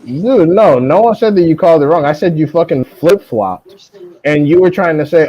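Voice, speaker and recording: A young man hosting a boxing live stream, ranting at a viewer in a profane, mocking way and mimicking people in high voices. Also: expressive, brisk, mellow, lo-fi sound. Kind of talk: heated casual live-stream rant.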